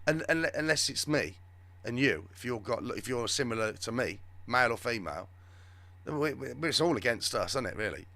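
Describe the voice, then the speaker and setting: A man's voice: medium pitch, expressive, brisk, sharp tone. A man hosting a live show, giving rambling, sarcastic, off-the-cuff commentary on the news. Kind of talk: live political commentary chat.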